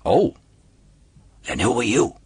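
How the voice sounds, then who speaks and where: A man voicing a sly, greedy male polecat who bargains in a low, coaxing voice. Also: wildly swooping pitch, slow pace, husky, no room sound, exaggerated voice.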